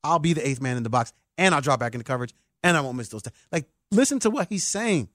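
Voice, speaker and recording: A man hosting a sports talk show, excitable and emphatic like a hyped fan. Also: fairly high pitch, quick pace, no room sound, clean studio sound. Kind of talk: animated sports podcast talk.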